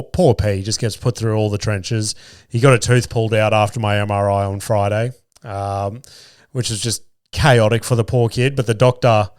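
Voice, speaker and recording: A man's voice: on the low side, clear, resonant tone, no room sound, studio quality. Sweary man, rambling chat. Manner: rambling, sweary, self-deprecating storytelling. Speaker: podcast host. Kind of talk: casual storytelling chat.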